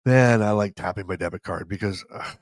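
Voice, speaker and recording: Man, fairly deep voice, stuffy nose, animated joking storyteller, dry close sound. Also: a little fast, dry recording. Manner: animated, joking, self-deprecating. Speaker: podcast host. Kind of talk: casual storytelling monologue.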